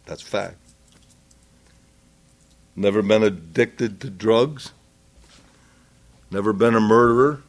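A man preaching a sermon, deliberate and earnest, building to impassioned pleading. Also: fairly low pitch.

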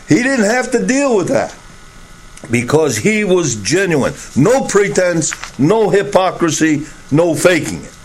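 Slow, emphatic male preacher. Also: fairly high pitch, sing-song, poor audio. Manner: slow, emphatic, repetitive phrasing with occasional chuckles. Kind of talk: sermon.

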